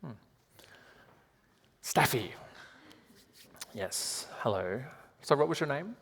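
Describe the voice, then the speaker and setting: A man's voice: mid-range voice, very animated, gravelly, fairly bright tone, husky. Chatty Australian man on a stage mic. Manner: rambling, self-mocking, quick asides. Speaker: psychic medium on stage. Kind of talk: live stage reading, chatty and joking. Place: large theatre hall. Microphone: handheld microphone. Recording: hall reverb.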